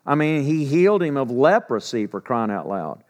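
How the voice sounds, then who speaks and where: A man's voice: medium pitch, normal speed. A man, teaching Bible passages in a folksy, conversational way and acting out the people in the story. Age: 60s. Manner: folksy, paraphrases scripture in a lively conversational voice.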